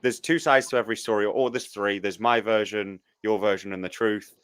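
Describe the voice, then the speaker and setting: A man's voice: on the low side, fairly even intonation, a little fast, a bit bright, smooth, no echo. A man hosting a podcast, talking casually and reflectively, often stumbling through false starts. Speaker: podcast host. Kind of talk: casual chat.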